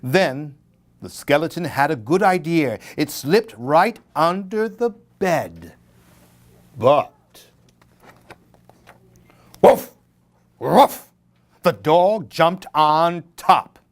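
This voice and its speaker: A man reading a spooky children's story aloud as a children's librarian, in an animated, dramatic storytelling manner. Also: fairly high pitch, takes it slowly.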